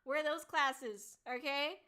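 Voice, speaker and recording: A woman's voice: sits high, unhurried, sharp tone. A woman streamer in casual chat, ranting bluntly and swearing freely. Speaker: VTuber streamer.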